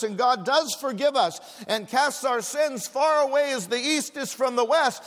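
A man's voice: very high-pitched, expressive, moderate pace, hardly any pauses, fairly bright tone. A man preaching a sermon as a pastor, repeating phrases with growing fervor. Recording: echoey hall with long reverb.

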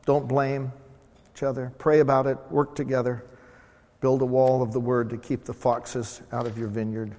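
Male pastor, mid-pitched voice, emphatic repeated points, long church reverb. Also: little pitch movement, normal speed, dark tone. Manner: emphatic, repeats key phrases. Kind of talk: sermon. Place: church sanctuary.

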